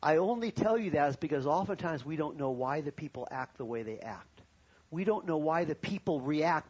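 A man's voice: a little high, lively intonation, normal speed, a little mellow, breathy edge, lo-fi sound. A pastor preaching a sermon to his congregation, telling a personal story and then rising to fervent preaching.

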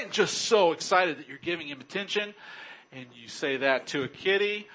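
A man's voice: on the high side, normal speed, fairly bright tone. A middle-aged man preaching a sermon in a chatty, joking way, often chuckling. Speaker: pastor.

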